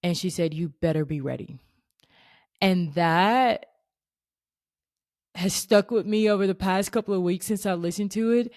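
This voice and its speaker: A woman's voice: mid-range voice, measured pace, pauses often, a little mellow, no room sound, clean studio sound. A young woman hosting a faith podcast, talking earnestly and casually, often restarting and saying "like". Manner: earnest, conversational, with frequent "like" and restarts. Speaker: podcast host.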